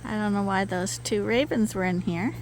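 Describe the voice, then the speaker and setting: A woman's voice: medium pitch, normal speed, background noise. A woman sheep farmer narrating a farm vlog in her barn, cooing to her animals in baby talk.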